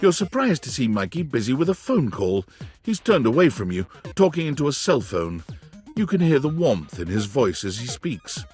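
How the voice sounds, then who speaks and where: A man's voice: mid-range voice, big pitch swings, moderate pace, darkish tone, faint music behind, lightly acted. A man reading scripted second-person narration in a video game.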